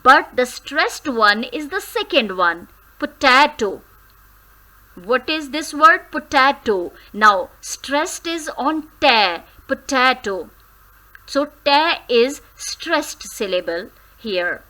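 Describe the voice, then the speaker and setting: A woman teaches a grammar lesson, sounding words out carefully syllable by syllable. Her voice is bright and a little high, and she speaks at an unhurried, deliberate pace. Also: very animated, low-quality recording. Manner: slow, careful syllable-by-syllable drilling; switches briefly into Hindi.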